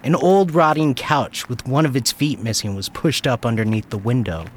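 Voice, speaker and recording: A man narrating a first-person story in a lively, wry way. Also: mid-range voice, normal speed, a little hiss or hum.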